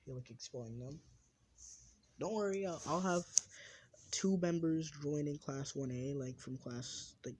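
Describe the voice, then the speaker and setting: A man's voice: a little high, unhurried, pauses often, slight background noise. A young man casually making up a fan anime story as he goes, often interrupting himself and trailing off. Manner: rambling, self-interrupting, trailing off quietly. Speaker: channel host telling a fan story.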